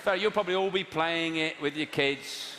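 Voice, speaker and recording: On stage at a live venue, a stand-up comedian from England, his voice on the high side and his speed normal, banters with the audience. His delivery is rambling, self-correcting, and mock-outraged, with background noise filling the echoey hall.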